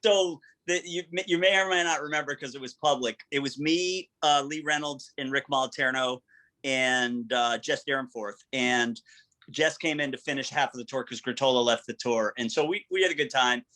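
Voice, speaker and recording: Bright, energetic man spinning a yarn. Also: medium pitch, moderate pace, low-quality recording. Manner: energetic, vivid storyteller who quotes dialogue. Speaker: guest. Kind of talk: casual storytelling over a video call. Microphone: video call microphone.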